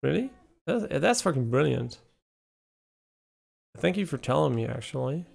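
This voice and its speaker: Young man, live game streamer, gravelly voice, slightly high, excitable, swears freely. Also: unhurried. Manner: excitable, swears a lot, talks to chat. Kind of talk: casual live gameplay commentary.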